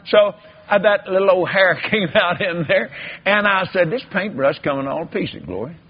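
A man's voice: high-pitched, normal speed, slightly rough. A man preaching a folksy sermon, telling a story and drifting into repetitive, drawling preacherly emphasis. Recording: dull lo-fi sermon recording.

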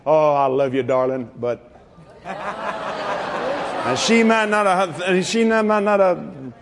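A man preaching a fervent sermon, shouting and laughing as he goes. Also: high-pitched, background noise. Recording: reverberant hall with a crowd.

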